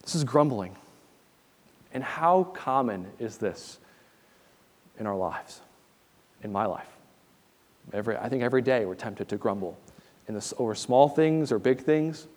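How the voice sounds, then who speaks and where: Man, pastor, conversational sermon, earnest, slightly high voice, long hall reverb. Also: darkish tone, breathy edge. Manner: earnest, conversational preaching with frequent restarts. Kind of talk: expository sermon.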